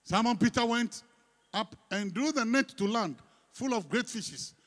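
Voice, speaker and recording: A male pastor, leading his congregation through a scripture reading, teasing them between soft asides and loud, emphatic lines. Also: very high-pitched, lively intonation, a little slow. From Ghana. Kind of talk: sermon with congregational call-and-response. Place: church sanctuary.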